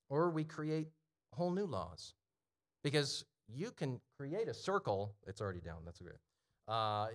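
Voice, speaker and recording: A man in his thirties from Ohio, preaching a conversational sermon that builds into slow, emphatic declarations. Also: mid-range voice, a bit bright. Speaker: pastor.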